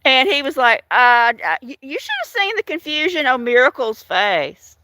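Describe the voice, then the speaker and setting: Her high-pitched, sing-song voice moves at a moderate pace, pushed and bright, as she live-streams from her storm-damaged yard. The Washington state woman chats casually while walking, greets viewers by name, and laughs often.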